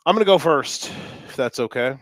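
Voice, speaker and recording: A man co-hosting a sports podcast, talking fast and animated with swearing and jokes. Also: mid-range voice, no echo. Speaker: podcast co-host. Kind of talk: excited sports talk.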